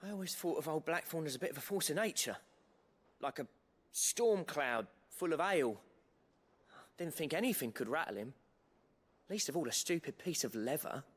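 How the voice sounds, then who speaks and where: A chatty lad with a high, lively voice. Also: male voice, moderate pace, pauses often. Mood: reflective. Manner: chatty, slangy, coaxing. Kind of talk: video game voice acting.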